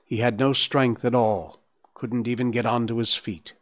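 A man narrating a storybook in a measured, dramatic reading. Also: medium pitch, fairly even intonation. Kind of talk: audiobook reading.

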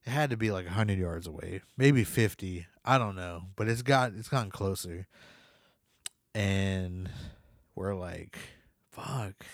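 A man's voice: deep voice, a little slow, no room sound, clean studio sound. Rambling young man telling a ghost story. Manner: rambling, full of "like" and "you know"; swears in quoted reactions. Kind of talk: casual spoken ghost story.

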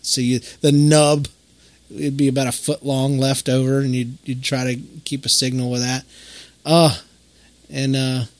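Speaking a bit slowly in a level, mid-range voice, this middle-aged man hosts a podcast. He spins stories in a folksy, meandering monologue crowded with filler words.

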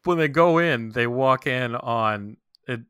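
A man's voice: mid-range voice, clean tone, dry recording. A man in casual chat, animatedly retelling scenes and quoting characters with laughs. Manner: fast, animated retelling with quoted lines and laughs. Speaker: podcast co-host recapping a show.

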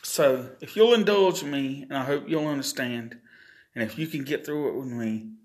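Slow, slurred man hosting a podcast. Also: medium pitch. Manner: slow, deliberate, earnest. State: slurred speech from facial palsy. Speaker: podcast host. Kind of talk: solo podcast monologue.

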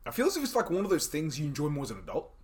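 A man's voice: fairly high pitch, wildly swooping pitch, rapid-fire, a little mellow, breathy edge. A young man, co-hosting a casual podcast chat, rambling through stories, laughing often and swearing freely. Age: young adult. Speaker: podcast co-host.

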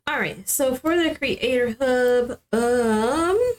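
Woman podcast co-host, calm casual delivery, runs the segments. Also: high voice, takes it slowly, slight background noise. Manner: calm, steers the talk to the next segment. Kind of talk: casual chat.

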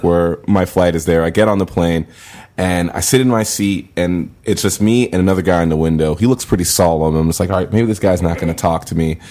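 A man's voice: sits low, a little mellow. A young man telling a funny story in casual podcast chat, laughing often and acting out his own reactions. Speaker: podcast guest, comedian.

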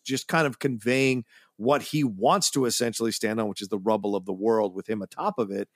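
A man's voice: on the low side, fairly even intonation, a little fast, dry recording, studio quality. Rambling enthusiastic male podcast host. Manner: enthusiastic, rambling, casually profane. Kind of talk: casual film discussion.

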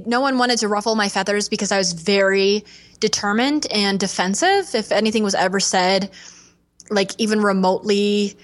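A young woman talking openly as a podcast guest, earnest and animated, often acting out what others said to her. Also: mid-range voice, moderate pace. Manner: earnest, animated, acts out quoted voices. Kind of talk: candid podcast interview.

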